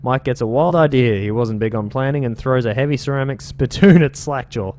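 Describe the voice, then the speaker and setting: A man's voice: mid-range voice, fairly quick, a little mellow, close to an everyday voice. A man voicing a male street gang member telling tales in an attempted British accent, reading game lore aloud in a slangy, loose delivery. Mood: storytelling.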